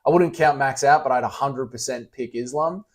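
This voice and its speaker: A man's voice: mid-range voice, moderate pace. Aussie guy bantering through a livestream chat. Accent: Australian. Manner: blunt, swears freely, teasing. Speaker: livestream host reading chat.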